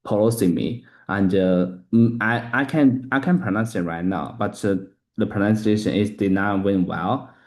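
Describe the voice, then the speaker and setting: A man learning English, talking haltingly, restarting sentences and spelling words letter by letter. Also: fairly low pitch. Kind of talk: casual practice conversation.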